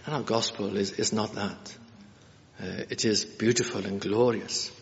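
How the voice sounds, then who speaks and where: A man preaching a sermon in an earnest, halting way, with many fillers and restarts. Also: fairly low pitch, steady tone, slight background noise. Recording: reverberant hall, dull lo-fi sound.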